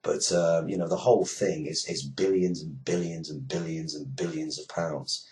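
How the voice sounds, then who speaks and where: A man's voice: extremely low pitch, steady tone, moderate pace, darkish tone. A British man hosting an internet radio show, rambling sarcastically with swearing and lots of fillers. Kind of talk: casual ranting monologue.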